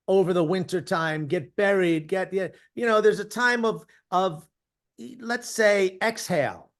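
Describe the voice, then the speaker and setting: A man co-hosting a podcast, delivering a rambling, grandiose, mock-philosophical comic monologue. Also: high-pitched. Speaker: podcast co-host.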